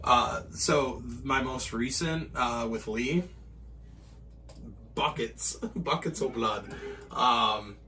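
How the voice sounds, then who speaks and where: A man from Maine tells his stories in a bright, forceful voice, swearing freely and acting out every quote. He sits a little back from the mic, so the sound has some distance. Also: mid-range voice, very slow. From Maine, USA. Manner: animated, profane, acts out quotes. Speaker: guest pro wrestler. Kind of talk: casual storytelling chat.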